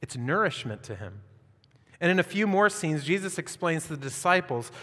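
A male pastor preaching a sermon, reading scripture and asking the congregation rhetorical questions in an animated way. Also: a little high, normal speed. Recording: long hall reverb.

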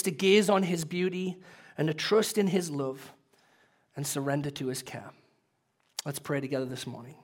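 A man preaching a sermon as pastor, earnest and emotional, swelling louder and then dropping soft, ending in prayer. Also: a little high.

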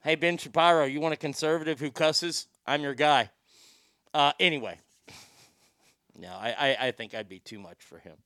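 A man's voice: a little high, normal speed, pauses often, fairly bright tone, dry recording, studio quality. A man hosting a livestream, chatting casually and reading viewer comments in a rambling, profane way. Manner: rambling and profane, with frequent restarts.

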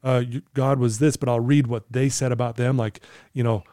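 Man, interview guest, earnest storyteller, mellow voice, dry close sound. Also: medium pitch, little pitch movement, brisk, no room sound. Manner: earnest, acts out dialogue with clients. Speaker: podcast guest, client coach.

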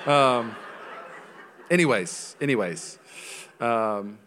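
A male pastor preaching a sermon in a church, animated and joking, with quick asides. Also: medium pitch.

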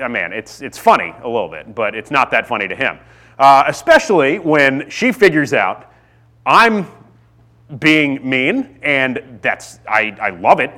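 A man's voice: a little high, fairly bright tone. A man in his thirties preaching a sermon in a casual, self-deprecating way that rises to fervent pleas. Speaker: pastor. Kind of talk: sermon with personal stories.

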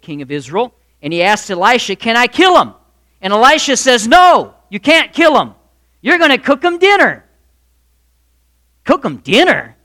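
A man preaching a sermon, retelling a Bible story in an animated way and acting out the voices of its figures. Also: sits high. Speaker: pastor.

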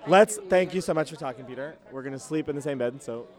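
A man hosting a podcast in casual chat at a venue after a concert, with a worn, hoarse voice after a night of singing. He is excitable, theatrical and laughs often. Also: a little high, fast talker, some chatter behind. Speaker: podcast host.

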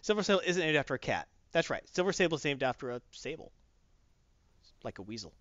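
A rambling, animated man with a raised, lively voice, chatting casually as a comics host. The recording is dry and slightly dull. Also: a little high, quick pace, no echo. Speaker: podcast host. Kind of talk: casual comic review chat.

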